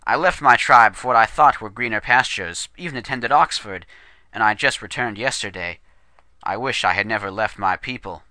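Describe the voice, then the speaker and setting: A man voicing a calm young Lakota man who speaks with an English accent in a formal, measured way, in a spoken story. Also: fairly low pitch, no room sound. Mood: solemn. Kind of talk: storytelling character voice.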